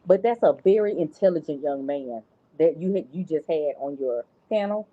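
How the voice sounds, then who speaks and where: A woman's voice: low-pitched, animated, normal speed, phone-quality sound. A middle-aged woman from North Louisiana calling in to a casual chat, talking earnestly and often repeating words as she searches for them. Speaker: caller.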